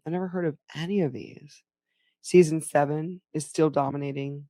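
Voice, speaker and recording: A woman's voice: low voice, steady tone, moderate pace, mellow, no echo. A woman co-hosting a podcast in casual chat, ranting and swearing with mock outrage. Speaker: podcast co-host.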